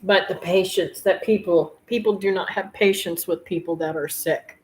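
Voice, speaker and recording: A middle-aged woman hosting her homestead channel, talking to her viewers in a heartfelt, rambling way with filler pauses and tearful moments. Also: lowish voice, fairly even intonation, a little mellow, slight background noise, low-quality recording. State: tearful at times. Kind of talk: emotional personal talk to viewers.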